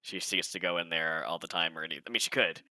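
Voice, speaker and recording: A man running a tabletop game as game master, in a relaxed, rambling way. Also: low voice, quick pace, no room sound, low-quality recording.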